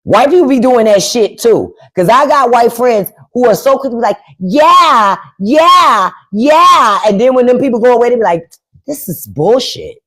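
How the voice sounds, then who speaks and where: A woman hosting a livestream with casual comedic commentary in African American English, profane and animated, often acting out other people's voices. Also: fairly high pitch, quick pace, few pauses. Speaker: podcast host. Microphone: phone or desk mic on a livestream.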